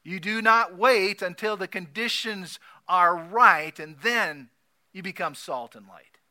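A man preaching a sermon, repeating key phrases emphatically and swinging between loud declarations and soft asides. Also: high-pitched, slow. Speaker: pastor.

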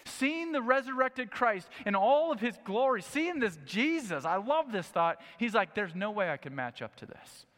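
Man, preacher, high voice, sermon, animated storytelling, echoing hall. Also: moderate pace, hardly any pauses. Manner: animated storytelling, acting out scenes. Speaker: pastor.

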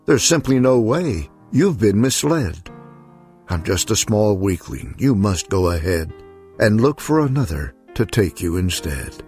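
A man's voice: on the low side, very animated, a little slow, a little mellow, faint music behind. A man voicing a small, frightened, self-pitying male donkey who pleads in rhyming verse. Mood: fearful pleading.

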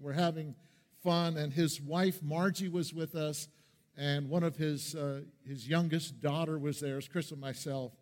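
Earnest pastor telling a story. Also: male voice, fairly high pitch, darkish tone. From Pennsylvania. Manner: earnest storyteller, slows down for dramatic moments. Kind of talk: sermon with personal storytelling. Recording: long reverb of a large hall.

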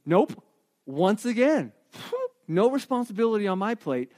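A male pastor with a high, light voice preaches a sermon. He tells stories with animated emphasis and keeps pulling listeners in with rhetorical questions. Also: measured pace.

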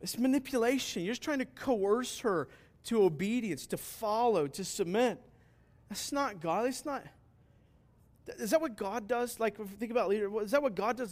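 A male pastor delivers a sermon in a notably high voice for a man. He is earnest and emphatic, leaning on rhetorical questions that he answers himself. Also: moderate pace.

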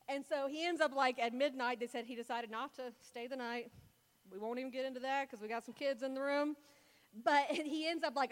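A woman's voice: high-pitched, a little fast, fairly bright tone. Young woman preaching casual, goofy character voices, big echoey hall. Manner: chatty and playful, acts out Bible characters in mock voices. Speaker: speaker preaching to a congregation. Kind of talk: casual sermon storytelling. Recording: long hall reverb.

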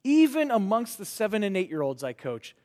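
A man preaching a sermon to young people, earnest and rhetorical, with dramatic pauses. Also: sits high, very animated, darkish tone. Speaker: pastor. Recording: reverberant hall.

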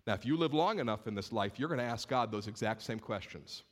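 A pastor preaching a sermon to his congregation, expressive, moving between raised urgency and hushed gravity. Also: medium pitch, fast talker, few pauses.

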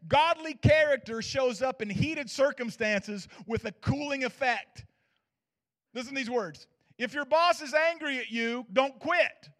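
A man preaching a sermon as pastor, swinging from loud declarations to hushed asides and checking in with his listeners. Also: extremely high pitch. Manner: asks the audience for agreement.

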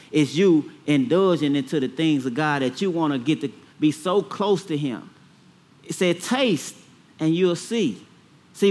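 Man preaching. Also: a little high. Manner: call-and-response preaching, repeating phrases, drawn-out emphatic words. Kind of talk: sermon.

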